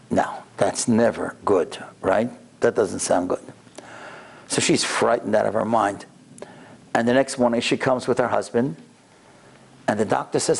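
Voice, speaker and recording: A rabbi giving a lecture in a synagogue, telling a story in an animated way and acting out the quotes. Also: male voice, mid-range voice, normal speed, gravelly. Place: synagogue sanctuary.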